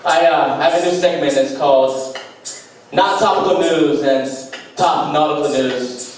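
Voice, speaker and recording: A young man doing a stand-up comedy set, delivering deadpan one-liners with self-deprecating asides on a small club stage. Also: on the high side, moderate pace. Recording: echoey club heard from far off. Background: faint beatbox and room noise.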